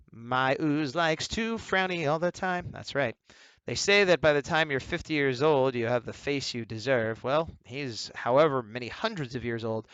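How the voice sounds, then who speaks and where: A man chatting through a drawing session in a loose, rambling way, often drifting into self-mocking jokes. His voice sits at an ordinary middle pitch. The sound is dry and close, with no room echo. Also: a bit bright, muffled recording. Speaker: artist teaching drawing. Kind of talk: casual commentary while sketching.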